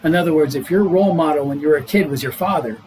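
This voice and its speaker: A man's voice: fairly high pitch, rapid-fire, darkish tone, slight background noise, poor audio. A middle-aged man, a doctor guest on a podcast, explaining health matters in an earnest, casual way and laughing easily.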